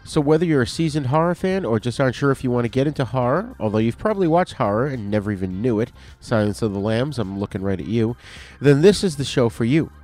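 A man's voice: medium pitch, expressive, fast, few pauses, a little mellow. A man hosting a podcast, chatty and upbeat as he gives a casual intro with promotions. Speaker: podcast host.

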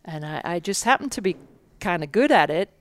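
Speaking with an English accent, this woman is a former World Cup mountain bike racer from England, a guest in a relaxed interview who wanders through her story with restarts, self-corrections, and frequent fillers. Her pitch is fairly low and her delivery animated and fairly quick. There's no echo.

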